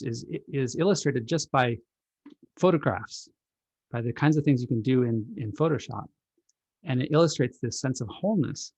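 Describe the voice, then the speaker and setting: A man presenting his book on a video call, explaining ideas in a relaxed, reflective way through everyday analogies. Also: medium pitch, slightly rough, no echo. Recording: dull lo-fi video call audio.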